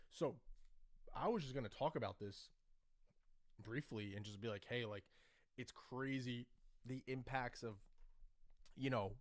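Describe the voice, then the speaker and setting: A man's voice: lowish voice, no echo, clean studio sound. A man hosting a casual solo podcast, rambling through his thoughts with many fillers and restarts. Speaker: podcast host. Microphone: desk microphone.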